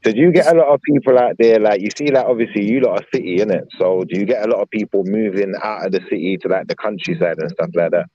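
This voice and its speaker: Deep-voiced man on a call. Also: quick pace, few pauses, warm tone, no echo, muffled recording. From England. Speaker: panel guest. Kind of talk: casual call-in chat.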